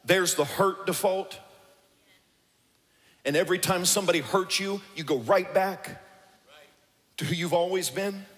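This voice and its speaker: A man's voice: sits high, a little slow, long pauses. Man preaching in a reverberant church. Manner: animated preaching, sometimes shouting or sing-song. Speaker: pastor. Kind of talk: sermon. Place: church sanctuary.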